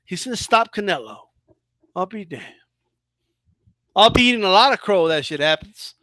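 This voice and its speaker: A man hosting his own boxing channel, giving casual, animated commentary with a mocking edge and frequent restarts. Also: high-pitched, normal speed, pauses often, no room sound.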